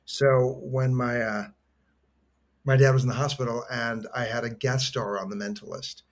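A middle-aged man talks as a podcast guest at a mid-range pitch. He tells his stories earnestly and from the heart, rambling and restarting his sentences as he goes. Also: fairly even intonation, moderate pace. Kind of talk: conversational storytelling.

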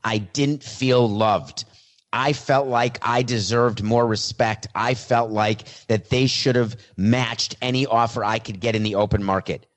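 A blunt star quarterback in his forties holds a mock press conference and says exactly what he feels, as a man puts him on in his own plain voice. The delivery is conversational, with a middle-pitched male voice. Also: fairly even intonation, measured pace, lightly acted. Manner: plain own voice, no attempt at an impression.

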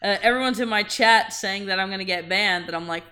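A woman's voice: medium pitch, brisk, few pauses, pushed and bright. A woman co-hosting a podcast, talking casually and swearing often. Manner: profane, casual. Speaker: podcast co-host.

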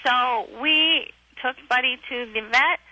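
Bright husky-voiced woman telling a story. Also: sits high, slow pace, low-quality recording. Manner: breathless, chatty, acts out the people she quotes. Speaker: celebrity guest, actress and comedian. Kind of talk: animated storytelling on a radio show.

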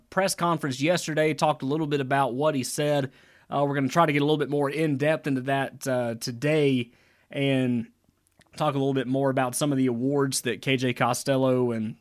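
Rambling male sports podcast host. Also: mid-range voice. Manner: rambling, filler-heavy questions. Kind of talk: casual sports podcast chat.

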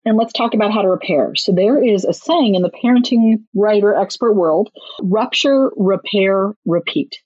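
A woman who wrote a parenting book, giving casual advice with lively delivery and acted-out quotes. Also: mid-range voice, normal speed, slightly rough, no room sound. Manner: lively, animated, acts out quoted lines. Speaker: parenting author guest. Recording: dull lo-fi, dry sound.

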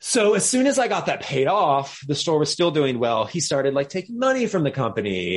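A man telling the story of his early business in a casual, animated way, often acting out what people said. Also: fairly high pitch. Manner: animated, quick to act out voices.

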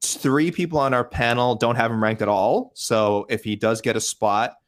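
A man chatting casually as a panelist, talking quickly with lots of restarts and rambling asides. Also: medium pitch.

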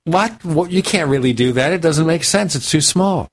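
A man's voice: fairly high pitch, lively intonation, a little fast. A man hosting a tech radio talk show, chatty and joking with his guest. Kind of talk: casual radio chat.

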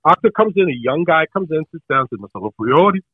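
An older man telling a story casually on a podcast, animated, and acting out the people in it. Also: on the high side, fast, breathy edge, no echo, narrow, tinny audio. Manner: animated, acts out the other people in his story.

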